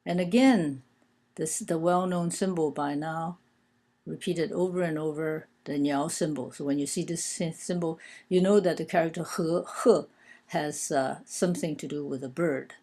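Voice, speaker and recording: A woman teaching a language lesson, explaining written characters one by one in a patient, hesitant way with frequent pauses and filler sounds. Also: low voice, mellow.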